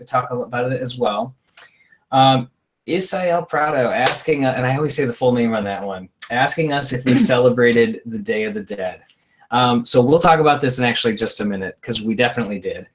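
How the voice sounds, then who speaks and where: A man co-hosting a casual live stream, chatting and reading out viewer comments. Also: medium pitch. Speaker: co-host.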